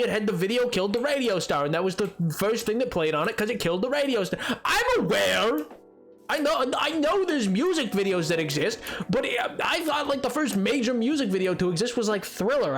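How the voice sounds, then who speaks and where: A male streamer chatting casually with his viewers while playing, quick and a little defensive in his banter. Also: very high voice. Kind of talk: casual gameplay chat reading chat.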